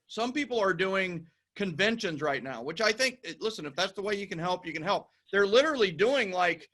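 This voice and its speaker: A man's voice: sits high, animated, fairly quick, fairly bright tone. A man appearing as a guest, talking in an upbeat, encouraging way and checking in with asides. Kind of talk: motivational conversation.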